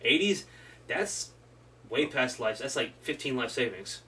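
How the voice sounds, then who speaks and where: A man co-hosts a loose wrestling history chat, rambling and dropping the odd swear word. His voice sits at an ordinary pitch. He is heard from across the room over faint background noise. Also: animated, measured pace, bright, forceful tone, distant mic. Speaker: podcast co-host.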